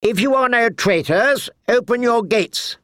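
A male storyteller voicing an arrogant knight issues commands with languid disdain. The voice rides high and slow. It is recorded close and dry. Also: animated, fairly bright tone, dry recording, exaggerated voice. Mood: haughty. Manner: bored, lofty, commanding.

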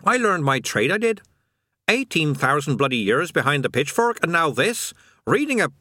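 A sullen male demon from hell, gossipy and indignant, chattering fast in a raised, lively voice, as a man puts him on. The reading is dry and close, with no room sound. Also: a little high, dry recording, pitched above the performer's own voice, exaggerated voice. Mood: grumbling.

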